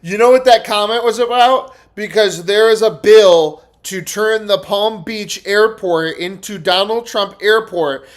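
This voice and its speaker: Loud, swearing young male streamer. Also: sits high, a little slow, hardly any pauses. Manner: loud, laughing, swears constantly. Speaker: streamer reacting to news clips. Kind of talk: profane live-stream commentary.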